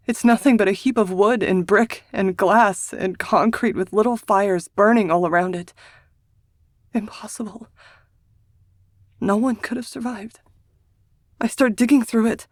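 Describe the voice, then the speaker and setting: A woman reading a first-person romance novel aloud in a hushed, emotional manner, as a scripted audiobook narration. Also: fairly high pitch, dry recording, studio quality.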